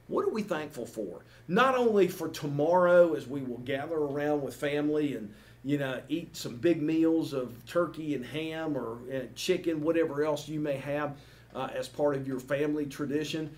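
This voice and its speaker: A man's voice: on the high side, darkish tone. A man preaching a sermon as pastor, earnest and emphatic, asking the congregation repeated rhetorical questions and ending with a prayer.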